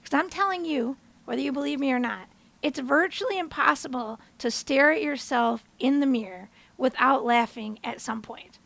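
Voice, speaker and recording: A woman in her thirties hosting a podcast, telling a personal story as a motivational monologue and acting out the quotes with big jumps in pitch. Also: moderate pace, gravelly, fairly bright tone, no echo. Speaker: podcast host.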